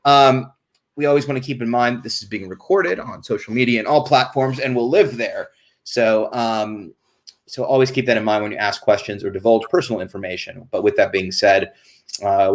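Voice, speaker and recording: Chatty man hosting a live stream. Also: lowish voice. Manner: chatty, stumbling over words with restarts; reads off viewer names and disclaimers quickly. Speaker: host. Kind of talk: casual live-stream chat.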